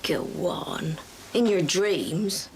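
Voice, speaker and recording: A woman's voice: fairly low pitch, lively intonation, very slow. An actress playing a blunt, teasing, gossipy woman friend in a TV drama. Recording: TV drama soundtrack with background noise.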